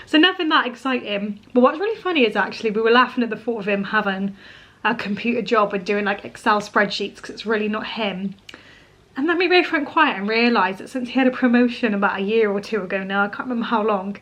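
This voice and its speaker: A woman's voice: mid-range voice, fast, fairly bright tone. A young woman from England, a homemaker, chatting casually to camera in a personal vlog. She gets teary and laughs often as she talks. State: teary, crying at times. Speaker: vlogger, homemaker.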